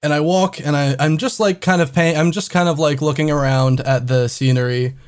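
A man telling a travel story in casual chat, animated and swearing often. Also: a little high, fairly quick, smooth.

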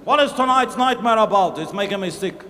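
A man voicing a stern soldier who questions his tentmate in a low, grim way. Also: expressive, a little fast, sharp tone. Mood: scolding. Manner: stern, interrogating. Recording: echoey hall with faint noise.

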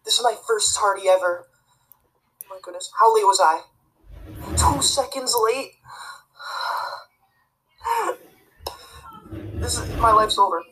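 A woman's voice: mid-range voice, normal speed, a bit bright, slight background noise, natural voice, poor audio. A woman acting a prissy, rule-obsessed teacher's pet student in a comedy sketch, tattling and preaching about the rules. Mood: panicked, groveling. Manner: tattling, self-righteous and preachy.

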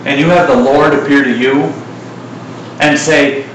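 Middle-aged preacher in an echoey hall. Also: male voice, medium pitch, unhurried, far from the mic, a little hiss or hum. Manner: conversational, joking asides, animated retelling. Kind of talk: sermon.

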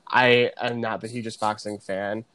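A man's voice: on the low side, level tone, moderate pace, bright, forceful tone, no room sound. A man co-hosting a podcast, chatting casually and rambling with restarts. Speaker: podcast co-host. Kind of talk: casual chat.

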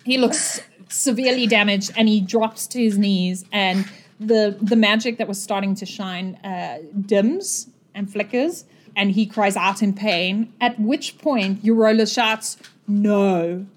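A woman narrates a tabletop role-playing session as game master. She tells the scene in a lively way and laughs often with her players. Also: mid-range voice, measured pace.

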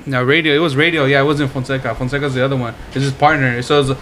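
A young man co-hosting a podcast, telling stories in a slangy, profane, animated way. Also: mid-range voice, racing, a little hiss or hum, poor audio. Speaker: podcast co-host. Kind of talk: casual chat, storytelling.

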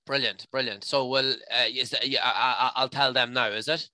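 Irish guy rambling away on a podcast, bright forceful voice, dead dry sound. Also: mid-range voice, fairly even intonation, normal speed, no room sound. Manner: rambling, restarts often, says "you know" a lot. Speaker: podcast guest, mountain adventure guide. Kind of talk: emotional conversational interview.

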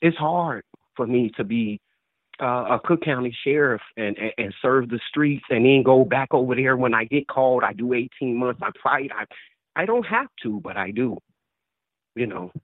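A man in his forties on a tinny, dry phone line, talking haltingly and stumbling over his words. His pitch swings widely as he tries to hold back emotion. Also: expressive, no room sound. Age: 40s. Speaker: caller. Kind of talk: emotional phone call to a show.

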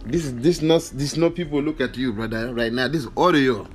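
A man's voice: medium pitch, a little fast, a little hiss or hum. A man giving an emphatic, repetitive motivational monologue at home. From Africa. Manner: preachy, emphatic, repetitive declarations. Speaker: motivational speaker.

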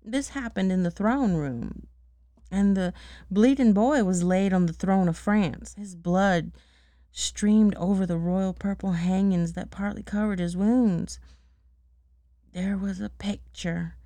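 A woman's voice: medium pitch, slow pace, warm tone, no echo, studio quality. A woman casually reading a storybook aloud, stopping to check words and laugh at her own slips. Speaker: bedtime story reader.

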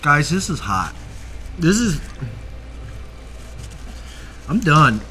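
High, bright, teary man groaning. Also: very animated, drawn-out words, slight background noise. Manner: groaning and laughing, overwhelmed by heat. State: teary and sniffling. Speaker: podcast host. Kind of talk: casual chat during a hot wing challenge.

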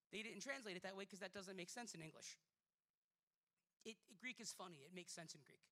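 A preacher delivering a blunt, emphatic sermon that swings between loud declarations and quiet asides. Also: mid-range voice.

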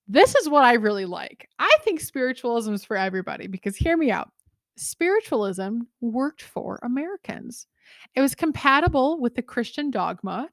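A young adult woman co-hosting a podcast in casual chat, lively, laughing easily and often correcting herself mid-sentence. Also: a little high, no echo, clean studio sound. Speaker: podcast co-host.

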